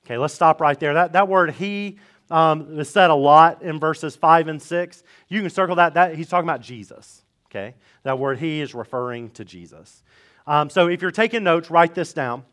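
A man's voice: fairly high pitch, lively intonation, moderate pace, a bit bright. A man, preaching a sermon in a church in a casual, conversational way and repeating key points for emphasis. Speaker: pastor. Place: church sanctuary.

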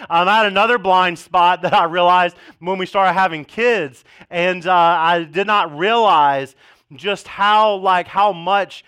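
Bright, smooth-voiced joking pastor. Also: male voice, high-pitched, fairly even intonation, unhurried. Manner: casual, joking storytelling with sarcastic asides. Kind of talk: sermon.

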